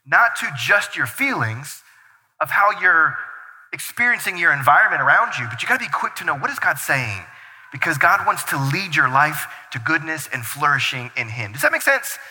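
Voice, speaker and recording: A man preaching a sermon as pastor, energetic and full of rhetorical questions to the congregation. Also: on the high side. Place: church hall. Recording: reverberant church hall.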